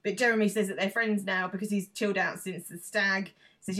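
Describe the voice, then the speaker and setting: A woman's voice: medium pitch, a little fast. A woman co-hosting a podcast, chatting casually and recapping a TV episode with lots of ums. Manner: chatty, relaxed, with filler ums. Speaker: podcast co-host.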